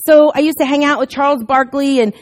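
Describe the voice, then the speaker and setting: A middle-aged woman giving a casual sermon, telling stories in a chatty, self-deprecating way with sudden loud bursts. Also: high-pitched, steady tone, fairly quick. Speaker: preacher.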